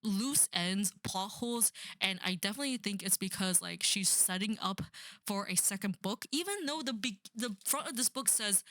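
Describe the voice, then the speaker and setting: A woman's voice: medium pitch, expressive, normal speed, bright, forceful tone, no echo, clean studio sound. A young woman rambling sarcastically through a book review, full of "like" and "um". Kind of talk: casual rant about a book.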